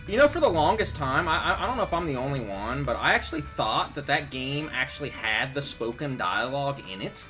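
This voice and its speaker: Man, game streamer, casual rambling chat, swears a lot, lively pitch, game music behind. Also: brisk, few pauses. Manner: rambling, profane, laid-back.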